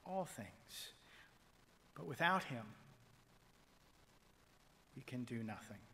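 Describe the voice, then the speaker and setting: Bright-voiced preacher, booming to whispering. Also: male voice, very animated, takes it slowly, vocal fry, in a large hall. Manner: dramatic swings from loud proclamation to hushed whispers; quotes figures in a retold story. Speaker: pastor. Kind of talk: sermon.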